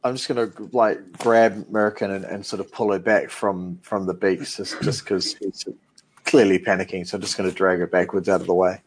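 A man playing a tabletop game, relaxed and rambling with fillers as he describes his moves. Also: low voice, brisk, a little hiss or hum, rough recording. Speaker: player.

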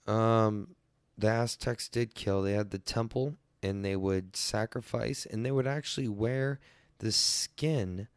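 A man's voice: fairly low pitch, clean tone, dry recording. A man hosting a casual chat stream, rambling, crude and joking as he answers viewers.

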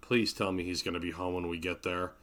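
A man's voice: deep voice, level tone, fairly quick, fairly bright tone. A man voicing a winded young American professor who grumbles wryly. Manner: wry, grumbling.

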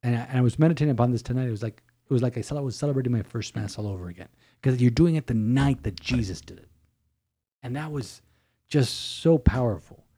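Priest guy chatting casually, lively stories, keeps restarting sentences. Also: medium pitch, quick pace, breathy edge. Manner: animated storytelling, many restarts. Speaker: priest and podcast co-host. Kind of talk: casual chat.

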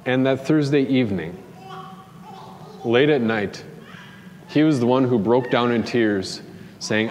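A man's voice: unhurried, pauses often, a little mellow. A man preaching a sermon as a pastor, telling stories in a conversational way and lifting his voice for emphasis. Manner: conversational storytelling preacher, lifts pitch and volume for emphasis. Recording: long church reverb, faint room noise.

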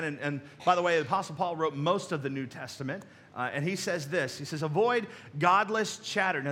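A middle-aged pastor preaches to his congregation in a loose, folksy way, breaking into chuckles and tossing questions at the pews. His voice sits high for a man and rings bright and forward. He is heard through a stage microphone in a church sanctuary. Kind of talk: sermon.

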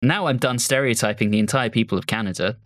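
A man's voice: medium pitch, fast, a bit bright, no echo, studio quality. A man co-hosting a casual podcast discussion, candid and self-deprecating, with apologetic asides. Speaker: podcast co-host. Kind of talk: casual chat.

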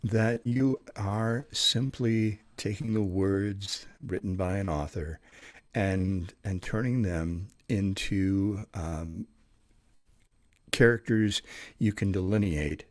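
A man who works as an audiobook narrator, talking in a relaxed, chatty interview manner with plenty of fillers. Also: sits low, slow, no echo. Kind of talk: casual interview talk.

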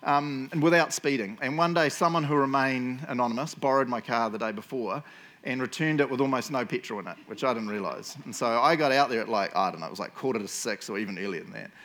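A man's voice: medium pitch, fast talker, a bit bright. A man preaching a casual sermon, telling stories in a jokey, self-mocking way and teasing his listeners. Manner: jokey, self-mocking storyteller who teases the audience.

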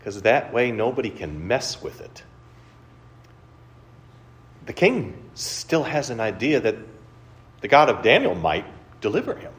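A man preaching a conversational sermon, retelling a story with animated storytelling and frequent rhetorical questions. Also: medium pitch, unhurried, long pauses. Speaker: pastor.

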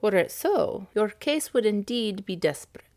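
A woman voicing a smiling, mysterious male stranger in a storybook reading, slow and measured. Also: medium pitch, lively intonation, gravelly, a little mellow. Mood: solemn.

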